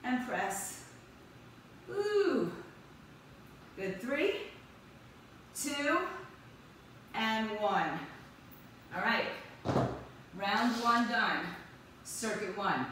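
Her mid-range, expressive voice carries across a very echoey room, picked up by a distant mic with a little faint noise. She's a fitness instructor leading a live class, giving brisk counting cues and upbeat encouragement to the group.

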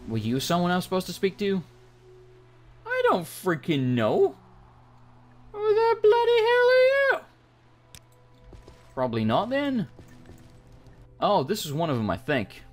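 Gamer, sarcastic and sweary, animated delivery over faint game music. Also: male voice, fairly high pitch. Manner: sarcastic, swears, mutters to himself. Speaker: let's play gamer. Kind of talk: casual gameplay commentary, reading game dialogue aloud.

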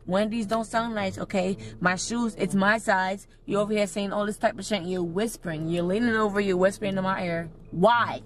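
A woman's voice: mid-range voice, fairly even intonation, brisk, few pauses, slight background noise. Blunt, irritated woman chatting casually. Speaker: friend and prank target. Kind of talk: casual chat.

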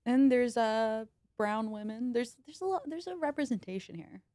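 A woman's voice: a little high, expressive, normal speed, warm tone, no echo, studio quality. A young woman comedian, a podcast guest, chatting playfully and laughing often. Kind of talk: casual podcast chat.

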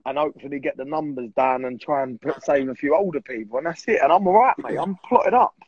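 A laid-back male guest with a slangy, sweary way of chatting. His voice is husky and slightly high, heard on a dull, dry, lo-fi recording. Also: fast talker, no echo. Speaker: podcast guest. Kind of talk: casual podcast chat.

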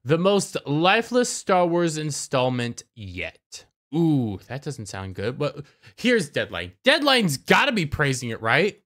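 A man's voice: a little high, huge pitch swings, a little slow, fairly bright tone. A young man hosting a YouTube channel, ranting in a casual, sarcastic, mocking way and often repeating words as he starts a sentence. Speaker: YouTube commentator. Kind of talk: casual rant commentary.

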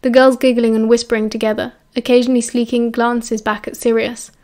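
A woman with a British accent reading a novel aloud as an audiobook narrator, in a measured, steady way. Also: a little high.

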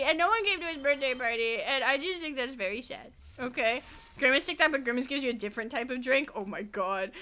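A woman's voice: sits high, expressive, fairly quick, pushed and bright, slight background noise. A woman gaming streamer chatting casually while she plays, rambling, giggly, easily sidetracked and swearing a lot.

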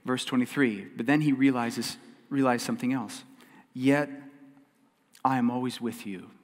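A man preaching a sermon as pastor, earnest and emphatic, swinging between loud stresses and quiet passages and repeating key phrases. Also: medium pitch, fairly even intonation, normal speed. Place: church sanctuary. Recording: long church hall reverb.

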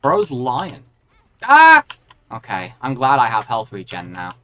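A woman's voice: very deep voice, animated, normal speed, soft background music. A woman streaming a video game, reacting aloud and chatting with her viewers as she plays. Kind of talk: live gameplay commentary.

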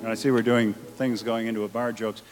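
A man performing comic banter and telling jokes in a live radio stage show, animated and quick to slip into comic voices. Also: on the low side, soft background music. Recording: live theater with long reverb.

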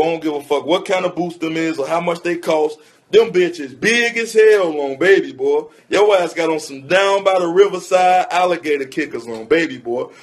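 High-voiced man rattling off roast insults. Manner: rapid-fire insult riffing with repeated catchphrases. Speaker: vine comedian. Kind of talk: comedic roast rant.

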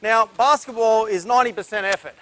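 Energetic, breathless male basketball coach. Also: sits high, fairly quick. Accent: Australian. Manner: energetic, instructive, breathless from drills. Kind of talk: coaching clinic demonstration. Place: indoor basketball court.

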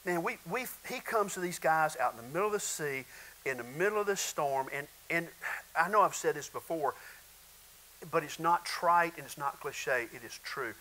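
Preacher guy, high bright voice, keeps hammering his point home. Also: expressive, normal speed, rough recording. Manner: emphatic, repetitive, addresses congregation as guys. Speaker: pastor. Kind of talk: sermon.

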